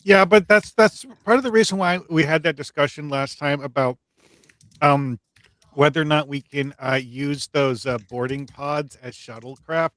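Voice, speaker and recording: A man's voice: a little high, moderate pace, fairly bright tone, dry recording. A man playing a tabletop game, explaining a point with hesitant fillers. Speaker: player. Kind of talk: casual chat at a tabletop game.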